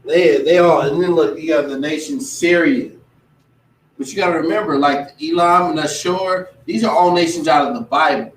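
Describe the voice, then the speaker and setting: A man giving a casual religious teaching, animated and often mimicking other people's voices. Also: on the high side, normal speed. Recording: echoey room, distant mic.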